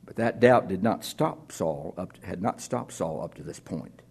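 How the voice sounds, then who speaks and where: A man's voice: low-pitched, animated, normal speed, gravelly, a little mellow, breathy edge. A man preaching a sermon to his congregation in a conversational way, with sudden drops to near-whispers. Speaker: pastor.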